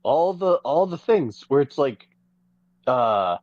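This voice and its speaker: A podcast co-host in casual gossip chat, telling stories in an animated, profane way. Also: medium pitch, slow, no echo, lo-fi sound. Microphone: podcast microphone.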